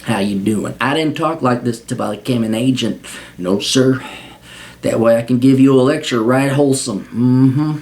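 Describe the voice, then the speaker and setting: A man's voice: medium pitch, close to an everyday voice. A man putting on a put-on Southern US accent to play a cocky, taunting Texan male federal agent. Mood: smug. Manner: drawling, taunting, mock-polite.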